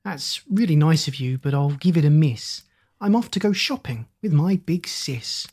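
A reader voicing a cheeky young boy who answers monsters in a chirpy, higher voice. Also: expressive, normal speed, darkish tone, natural voice.

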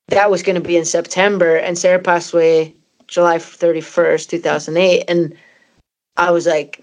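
A woman's voice: on the low side, flat delivery, moderate pace, darkish tone. A woman in her thirties, originally from Canada, candidly telling an emotional personal story as an interview guest, with many "you know" fillers. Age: 30s. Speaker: footballer guest.

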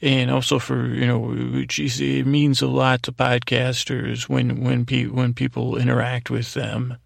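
A man's voice: mid-range voice, monotone, measured pace, gravelly, no echo, clean studio sound. A man hosting a podcast, thanking listeners one by one in a loose, rambling way, correcting himself and adding jokey asides. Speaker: podcast host. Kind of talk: casual thank-yous to listeners. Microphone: close studio mic, alone.

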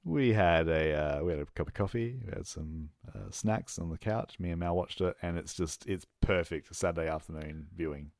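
A man co-hosting a casual movie chat, telling the plot in a halting, rambling way with lots of fillers and restarts, laughing at his own jokes. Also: sits low, darkish tone, dry recording. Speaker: podcast co-host reviewing movies.

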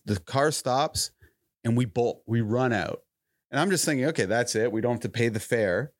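A young adult man hosting a podcast tells a story in casual chat at a moderate pace, animatedly acting out quotes with rising pitch and laughter. The studio-quality recording is clean, with no room sound.

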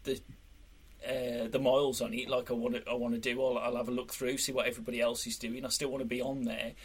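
A man's voice: medium pitch, flat delivery, quick pace, husky. A man hosting a podcast in an easygoing, agreeable chat. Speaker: podcast host. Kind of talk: casual chat.

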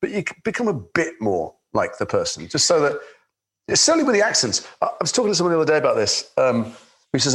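A man with a London accent, an actor telling anecdotes in relaxed chat, with many restarts. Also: mid-range voice, fast. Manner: lively storyteller, swears in quotes, many restarts. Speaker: actor guest.

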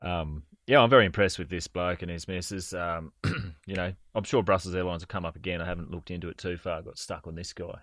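A man's voice: deep voice, fairly even intonation, brisk, fairly bright tone, no room sound. A man, co-hosting a podcast and telling stories in a dry, sardonic way. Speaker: podcast co-host. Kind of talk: casual comedy chat.

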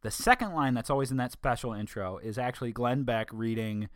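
A man giving an opinion monologue, emphatic with sarcastic asides, slowing down to stress key words. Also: medium pitch, lively intonation, fairly bright tone, dry recording, studio quality. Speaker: political commentator.

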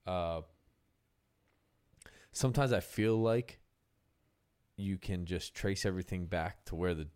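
A man's voice: low voice, unhurried, pauses often, darkish tone, clean tone. A young man hosting a casual podcast chat about music, loose and profane, often trailing off and restarting.

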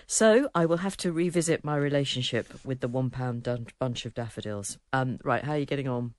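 Woman radio co-host, low voice, wry and chatty, dry studio sound. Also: brisk, darkish tone, no room sound. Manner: chatty, wry, reads listener emails aloud. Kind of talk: casual chat.

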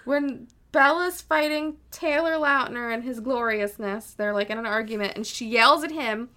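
A woman co-hosting a podcast in casual chat, animated and rambling, laughing often. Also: on the high side, normal speed. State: mildly sick. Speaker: podcast co-host.

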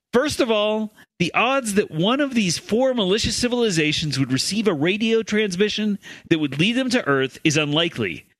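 A man's voice: sits high, fairly bright tone, no echo. A man co-hosting a comedy podcast, reading news stories aloud and laughing at his co-hosts' jokes. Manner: reads stories aloud, laughs often, corrects others. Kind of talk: scripted news reading with banter.

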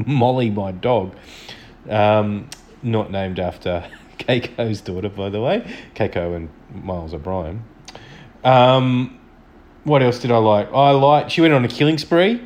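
A man's voice: lowish voice, a little slow, a little mellow, slight background noise. A man hosting a solo podcast, chatting enthusiastically and a little self-deprecatingly as he reviews an episode from home. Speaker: podcast host. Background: dog snoring.

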